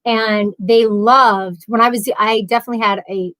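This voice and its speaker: A woman's voice: a little high, steady tone, moderate pace, fairly bright tone, no echo. A woman with a New York accent chatting casually as a livestream host, reading chat messages aloud and rambling with frequent laughs.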